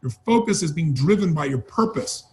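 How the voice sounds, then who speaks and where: Fast, high-voiced man giving a pep talk. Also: expressive. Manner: emphatic, urgent, repeats key phrases. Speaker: motivational speaker. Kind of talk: motivational training talk.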